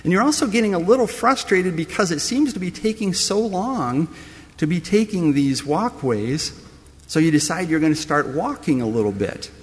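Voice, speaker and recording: A man's voice: sits high, expressive, moderate pace, in a large hall. A man preaching a sermon, telling a story that speaks straight to the listener as you. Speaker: pastor.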